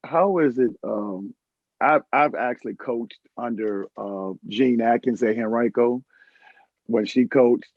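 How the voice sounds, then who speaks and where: A man hosting a podcast, asking relaxed, rambling questions in casual chat. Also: medium pitch, takes it slowly, no echo. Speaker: podcast host. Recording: muffled lo-fi audio.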